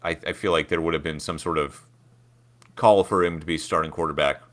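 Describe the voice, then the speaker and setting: A man's voice: a bass voice, fairly even intonation, a little fast, a bit bright. A man from Pittsburgh co-hosting a sports podcast, opinionated and chatty. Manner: opinionated, chatty, lots of fillers and hedges. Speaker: podcast co-host. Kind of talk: casual sports chat.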